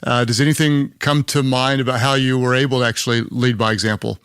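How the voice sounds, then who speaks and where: A man's voice: mid-range voice, flat delivery, fast talker, a bit bright, smooth, no echo, clean studio sound. A man with a Southern Oklahoma accent hosting an interview, asking questions in an encouraging, affirming way. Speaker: podcast host. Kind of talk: conversational interview.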